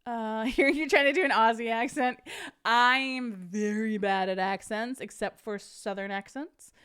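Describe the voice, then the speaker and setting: A woman's voice: on the high side, steady tone, a little slow, a bit bright, clear, resonant tone. A woman hosting a casual live-streamed podcast, chatting with viewers and reading a story aloud, laughing often.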